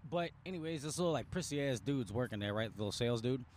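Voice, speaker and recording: A man with a New Orleans accent talks in a relaxed, slangy, profane way, spinning a story as a podcast guest. His voice sits at an ordinary middle pitch. He is recorded outdoors in a park. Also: fast. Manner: laid-back, profane, slangy. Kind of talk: casual storytelling chat.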